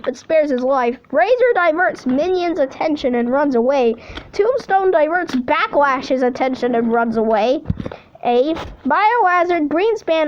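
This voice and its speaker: High-voiced woman reading aloud playfully. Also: darkish tone, lo-fi sound, slight background noise. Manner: playful, cheers and jokes between readouts. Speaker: channel host. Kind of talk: reading simulator results aloud with commentary.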